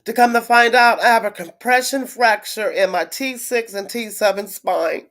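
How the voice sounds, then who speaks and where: A woman chatting casually on a live stream to her viewers, venting in a frustrated, blunt way with swearing and halting restarts. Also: a little high, a bit bright. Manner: halting with many fillers and restarts. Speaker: livestreamer greeting viewers.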